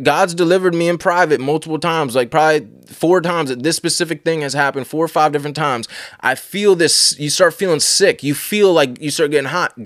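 A man's voice: a little high, fairly bright tone, no room sound, clean studio sound. A man telling a personal faith testimony in a casual, earnest way, repeating phrases for emphasis. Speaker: Christian speaker and podcast host.

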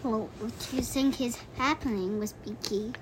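Curious woman, asks questions, higher voice, faint background noise. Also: moderate pace. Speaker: listener. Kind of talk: casual chat during a read-aloud.

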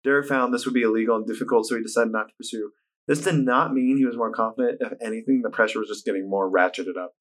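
A young man co-hosting a casual podcast, reading case notes in a plain, steady way before slipping into jokes. His voice is middle-pitched and ordinary, with a relaxed, buddy-chat feel. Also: fast. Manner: reads notes plainly, then jokes and laughs. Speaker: podcast co-host.

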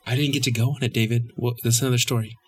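A man's voice: medium pitch, steady tone, racing, slightly rough. A man co-hosting a casual film podcast, joking and blunt with frequent swearing. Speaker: podcast co-host. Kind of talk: casual chat.

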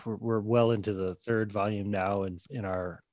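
A man's voice: lowish voice, fairly even intonation, moderate pace, darkish tone, highs cut off. A man interviewed about the scenarios he writes, earnest and repeating himself. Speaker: game writer guest. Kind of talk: casual interview chat.

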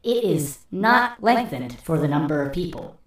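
A man's voice: on the high side, sing-song, normal speed, a bit bright, heavy reverb, far from the mic. A man, the game master, voicing a cheerful automated machine announcer that greets the players formally.

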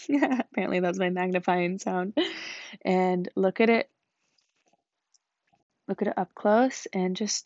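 A young woman talks through a casual solo wellness talk, chatty and quick to laugh, acting out her own past reactions. Her voice has a gravelly fry. The recording is dry and slightly dull. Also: mid-range voice, fairly even intonation, darkish tone, dry recording. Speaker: wellness speaker.

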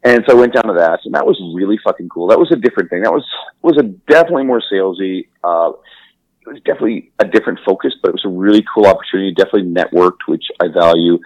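A man co-hosting a podcast in casual chat, enthusiastic and quick to laugh, swearing freely. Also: low voice, expressive, no room sound, lo-fi sound. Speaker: podcast co-host.

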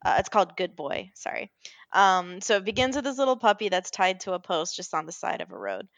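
A woman co-hosting a casual podcast, telling stories in an animated, rambling way, full of fillers and self-corrections. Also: fairly low pitch, brisk, vocal fry, no room sound, lo-fi sound. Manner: animated storytelling, often laughing. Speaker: podcast co-host. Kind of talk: casual chat.

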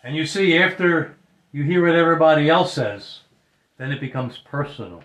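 A man's voice: fairly high pitch, animated, moderate pace, a bit bright. A man preaching a sermon earnestly, often repeating phrases for emphasis. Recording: roomy echo.

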